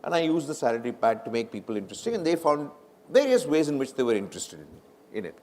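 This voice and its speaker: A man's voice: medium pitch, fast talker. A middle-aged man with an Indian English accent, a film director telling stories in a live fireside chat in a large hall, acting out quoted talk. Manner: animated, acts out quoted conversations.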